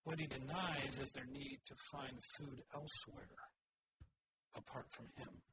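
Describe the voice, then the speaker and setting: A man's voice: mid-range voice, steady tone, unhurried. A man preaching an earnest, expository sermon. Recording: hissy recording.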